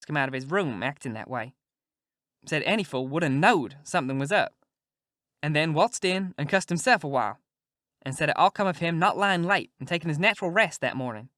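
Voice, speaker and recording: A man's voice: fairly high pitch, sharp tone, no room sound. A male audiobook narrator reading a first-person story in a folksy way, close to the mic.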